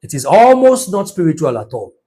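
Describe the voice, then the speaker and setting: Emphatic man lecturing, husky voice. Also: a little high, very animated, dark tone. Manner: emphatic, rhetorical questions, drawn-out words for stress. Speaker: business numerology teacher. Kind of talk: impassioned lecture.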